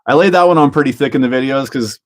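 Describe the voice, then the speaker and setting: Speaking fast at a medium pitch, a middle-aged Canadian-accented man hosts a laid-back livestream as he builds a kit. He jokes around, laughs a lot and reads the chat out loud.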